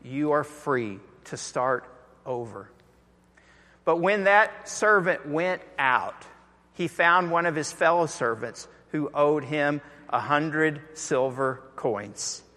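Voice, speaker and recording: Slow-speaking pastor with a bright voice. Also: male voice, on the high side, expressive, in a large hall. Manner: conversational, slow and deliberate, drops soft for emphasis. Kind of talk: sermon.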